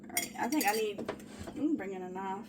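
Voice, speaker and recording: Over background noise, a woman speaks briskly at a medium pitch. She's baking in her small home kitchen, chatty and easily excited, addressing viewers as "guys" in a casual cooking vlog demonstration.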